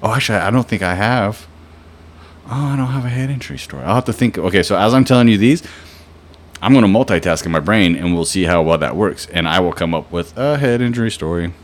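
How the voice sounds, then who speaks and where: A man's voice: lowish voice, lively intonation, fast talker. A young man telling rambling, profane stories in a casual podcast, with lots of fillers. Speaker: podcast host. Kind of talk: casual storytelling.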